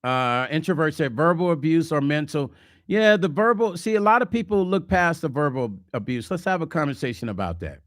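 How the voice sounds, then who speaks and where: A man chats casually on a livestream, reading out viewer comments. He is animated and playful and often slips into mock quotes. His voice sits a little high and sounds dry and close to the mic. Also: a little fast, dry recording. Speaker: vlog host.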